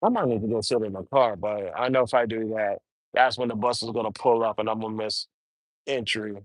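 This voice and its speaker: A man's voice: on the low side, steady tone, fairly quick, dry recording. A man chatting casually on a live stream outdoors at a zoo, wry and grumbling as he talks to himself. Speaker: livestreamer.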